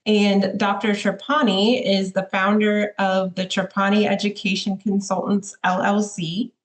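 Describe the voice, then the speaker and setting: A woman of mid pitch moderates an online webinar, introducing two speakers. She speaks casually, with a few fillers and small apologies. The sound comes through a video call. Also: little pitch movement, unhurried.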